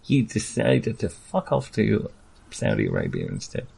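A man narrates as game master, his voice gravelly and rough at the edges. His pitch swings widely as he sets the scene for the players. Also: normal speed. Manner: laughing, lively narration.

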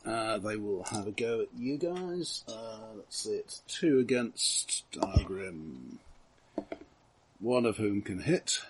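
A man running a tabletop game as game master, halting and full of restarts. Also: lowish voice, lively intonation, a little hiss or hum. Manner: hesitant, many restarts and fillers.

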